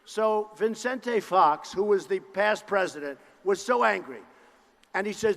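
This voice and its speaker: A man giving a campaign rally speech, boastful and repetitive, with punchy phrases and bursts of shouting. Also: high-pitched, lively intonation, a little slow, vocal fry. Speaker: political candidate at a campaign rally. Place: large indoor rally venue. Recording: long reverb of a large hall.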